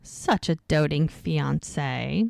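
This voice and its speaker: A woman's voice: deep voice, very slow, vocal fry, a little mellow, dry recording. A woman co-hosting a podcast, retelling scenes in a chatty, gushing way with lots of "she goes.". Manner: chatty and gushing, with light laughs. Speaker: podcast co-host. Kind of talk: casual recap chat.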